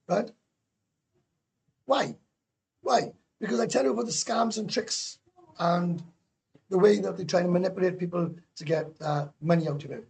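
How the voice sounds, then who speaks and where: A man calling into a livestream, telling stories in a rambling, excitable way with plenty of swearing and tag questions. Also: sits high, a little slow, vocal fry, long pauses. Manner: keeps adding tag questions. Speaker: guest YouTuber calling into a livestream. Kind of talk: casual livestream chat.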